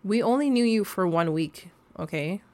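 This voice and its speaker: A young woman telling a casual storytime rant about her coworkers, exasperated and animated, swearing freely and full of likes and fillers. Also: medium pitch, normal speed. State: recovering from a cold. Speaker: vlogger.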